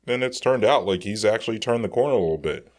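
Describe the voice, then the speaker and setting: A man co-hosting a casual sports podcast, telling animated stories full of "like" and "dude". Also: on the low side, fast. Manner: animated storyteller, lots of "like" and "dude". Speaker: podcast co-host.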